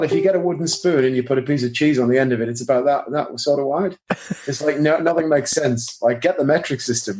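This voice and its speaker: British male guest, mid-pitch, dry self-mocking storyteller, easygoing podcast chat. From Britain. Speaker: guest, magician.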